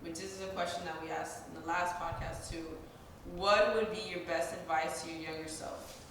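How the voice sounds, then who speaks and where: A woman's voice: fairly low pitch, steady tone, normal speed, fairly bright tone. A woman hosting a casual podcast chat, putting questions to her guest in a direct way. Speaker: podcast host. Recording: roomy distant mic, faint noise.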